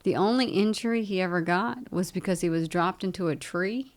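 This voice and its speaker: A woman from Louisiana, a guest actress and producer, telling lively, chatty stories with frequent laughter in a casual interview. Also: on the low side, fairly quick. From Louisiana, United States.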